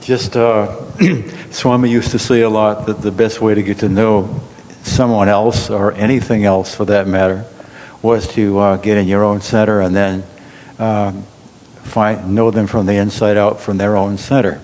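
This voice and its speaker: Flat-voiced deliberate man. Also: on the low side. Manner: deliberate and hesitant, with many pauses. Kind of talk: reflective spiritual discussion. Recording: hall reverb with faint background noise.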